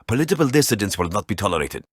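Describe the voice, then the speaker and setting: A man's voice: fairly low pitch, very animated, very fast, slightly rough, no room sound. A menacing Soviet rifle, as a man puts it on, with a thick mock Russian accent. The voice sounds dry and close to the mic, as in a comedy skit.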